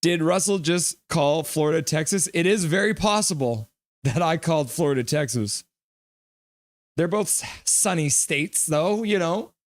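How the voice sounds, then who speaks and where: A man hosting a live hockey reaction stream, calling plays and reading out chat messages with excitement. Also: on the high side, unhurried, dry recording. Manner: excitable, chatty, reads chat aloud.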